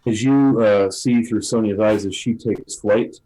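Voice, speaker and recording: A man running a tabletop role-playing game as dungeon master, narrating in a relaxed, halting way with many fillers. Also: lowish voice, poor audio.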